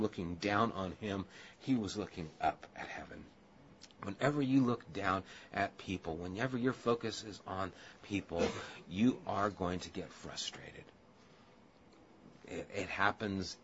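A male preacher mixes a lively anecdote with earnest teaching, his voice bright and pressing. The audio is muffled and lo-fi, with a faint hiss underneath. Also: fairly low pitch. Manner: storytelling with humor, then earnest and hushed. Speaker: pastor. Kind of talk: sermon.

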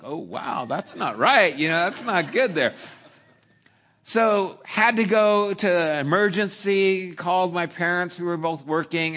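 A male pastor delivering a sermon, telling a childhood story in an animated, humorous way with asides to the congregation. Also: a little high.

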